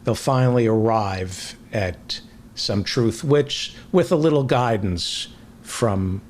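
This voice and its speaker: A man's voice: lowish voice, slow pace, a little mellow, slight background noise. A male host in casual chat, asking rambling questions with many restarts.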